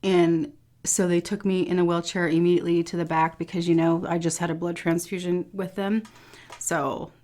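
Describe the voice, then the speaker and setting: A woman's voice: on the low side, flat delivery, moderate pace, a little mellow. A young woman vlogger telling a personal story to her viewers in a casual, chatty way, swearing now and then and laughing. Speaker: food vlogger.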